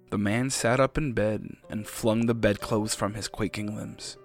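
A man's voice: on the low side, fairly even intonation, unhurried, few pauses, soft background music. A man narrating a story in a tense reading. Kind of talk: audiobook narration.

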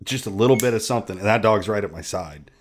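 Man with a low voice, laid-back, short remarks; faint background noise. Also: quick pace. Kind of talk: casual chat.

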